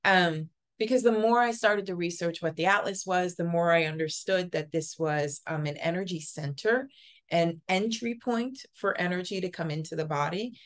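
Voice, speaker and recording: A woman telling a personal story as an interview guest, earnest and halting, often repeating words. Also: on the low side. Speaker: podcast guest, psychic Reiki master.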